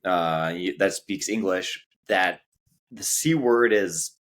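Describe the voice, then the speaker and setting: A young man explains words carefully in a casual English lesson. His voice is fairly low, and he pauses often on "um" as he works out his phrasing. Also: fairly bright tone, slight background noise. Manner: measured, hesitant with frequent "um". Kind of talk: casual conversational teaching.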